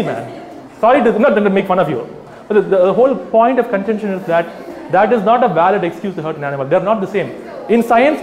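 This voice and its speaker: Animated man in an echoey hall. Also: sits high. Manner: animated, mocking, acts out scenes with quoted voices. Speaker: vegan activist speaking to an audience. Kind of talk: live public talk to a crowd. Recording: echoey hall, faint room ambience.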